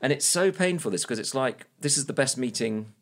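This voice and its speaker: A man in his fifties, brought up in Scotland, co-hosting a podcast and telling a rambling family anecdote with many halting restarts. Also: medium pitch, expressive. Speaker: podcast co-host. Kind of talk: casual chat.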